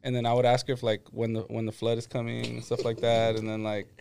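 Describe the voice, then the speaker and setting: A man's voice: mid-range voice, completely flat delivery, quick pace, creaky, a little mellow, slight background noise. A young man co-hosting a podcast, recalling school days in a rambling way full of "like". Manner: rambling, heavy use of "like". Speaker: podcast co-host. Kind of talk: casual chat.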